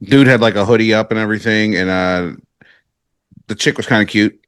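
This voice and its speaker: A man's voice: fairly low pitch, fairly quick, a bit bright, smooth, no echo, studio quality. Laid-back rambling male podcast host. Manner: rambling, heavy on filler "like". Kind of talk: casual chat.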